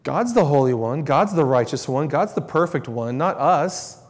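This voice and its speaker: A man's voice: a little high, expressive, moderate pace. A man preaching a sermon, earnest and emphatic, repeating words to drive his points home. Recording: long reverb in a large hall.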